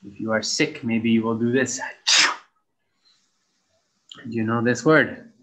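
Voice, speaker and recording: A man teaching English to young pupils, spelling out words letter by letter and repeating each word clearly for practice. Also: medium pitch, fairly even intonation, normal speed, fairly bright tone. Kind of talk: slow, clear classroom instruction.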